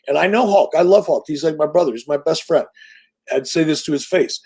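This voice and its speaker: Fairly high and a little fast, his voice carries vocal fry and a breathy edge. He's in his sixties, a guest on an interview swapping stories in a loose, punchy, foul-mouthed style.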